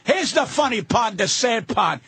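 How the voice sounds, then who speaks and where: Older brash comic, husky and high-pitched, profane ranting delivery. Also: male voice, big pitch swings, unhurried, pushed and bright, dry recording. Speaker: guest comedian. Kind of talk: casual radio interview.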